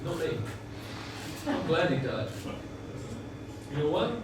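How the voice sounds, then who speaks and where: High-voiced male comic with a deadpan delivery. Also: slow pace. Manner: deadpan joke delivery, chatting with the front row. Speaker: stand-up comedian. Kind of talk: stand-up set. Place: comedy bar venue, indoors. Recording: echoey, distant, noisy room recording.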